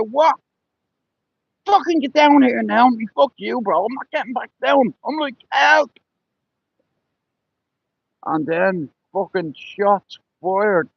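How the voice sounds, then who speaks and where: A man's voice: sits high, vocal fry, no room sound, highs cut off. A man telling rambling, profane stories on a livestream, with lots of "you know" between them. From Ireland. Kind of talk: casual storytelling on a livestream.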